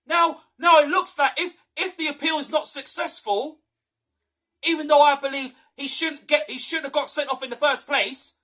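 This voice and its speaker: A man with a strikingly high voice and a bright, tense tone rants through a post-match fan reaction. He sounds exasperated and keeps repeating his points. He sometimes breaks into shouts. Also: moderate pace. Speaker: football fan podcast host.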